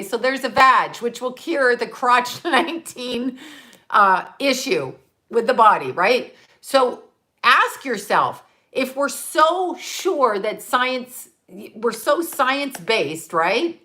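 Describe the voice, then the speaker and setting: Bright-voiced woman ranting to her channel, blunt and sweary, rambles and laughs at her own jokes. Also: fairly high pitch. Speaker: channel host. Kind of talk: casual live-stream monologue.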